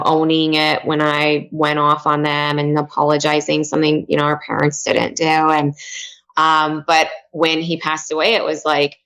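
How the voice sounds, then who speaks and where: A woman in her forties, a guest on a podcast, talking softly and openly in a reflective way. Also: low voice. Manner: soft, open and reflective. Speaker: podcast guest, mindfulness coach. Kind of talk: emotional podcast interview.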